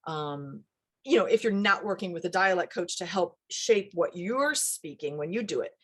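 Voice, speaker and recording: Animated woman dialect coach. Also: fairly low pitch, moderate pace, husky. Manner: animated, acts out quoted voices, laughs often. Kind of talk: casual interview talk.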